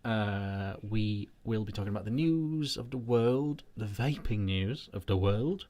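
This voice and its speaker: A laid-back man from the UK hosts a casual live show. His voice sits fairly low, and he introduces each segment steadily, often repeating a phrase. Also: unhurried, darkish tone. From United Kingdom. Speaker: host.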